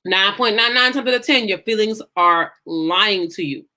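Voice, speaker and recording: A woman with a mid-range voice at normal speed, pushed and bright, coaches her group from a faith-based perspective. She's emphatic and preacherly, passionately acting out quoted self-talk.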